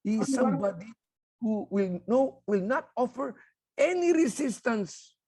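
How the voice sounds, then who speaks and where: Filipino priest preaching with soft hums. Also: male voice, very high voice, expressive, unhurried, slightly rough, no echo. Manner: mixes Tagalog into English, conversational with soft hums. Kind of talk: sermon.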